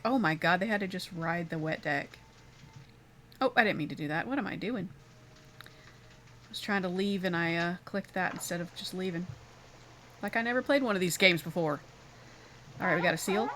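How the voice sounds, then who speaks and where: A woman's voice: lowish voice, moderate pace, long pauses, pushed and bright, slight background noise. A young woman casually commenting on a game she is playing, laughing often and reading its text aloud. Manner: giggly, apologetic, reads game text aloud. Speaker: gaming streamer. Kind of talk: casual let's-play commentary.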